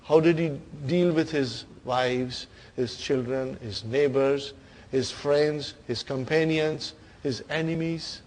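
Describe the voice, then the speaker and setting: A man with a South Asian English accent teaching a lesson on Quranic grammar, his voice sitting a touch higher than usual. He recites verses briskly and then slows down to explain. He keeps checking in with his class as he goes. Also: darkish tone. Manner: engaging, keeps asking "huh?" and "are you with me, brothers and sisters?". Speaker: Arabic teacher.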